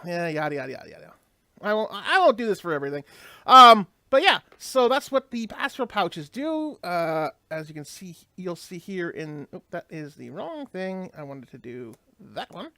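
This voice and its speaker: A man's voice: high voice, big pitch swings, normal speed, sharp tone, no echo. A man hosting a let's play, giving casual, rambling gameplay commentary and explaining the lore as he goes. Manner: rambling, explanatory, many fillers and restarts.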